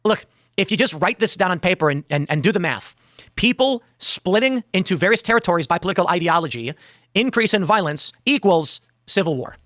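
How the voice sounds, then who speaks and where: A man with a fairly high voice talks fast and declares his points with confidence on a political talk show. He sounds dry and close to the mic. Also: expressive, fairly bright tone, dry recording. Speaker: political pundit in a clip.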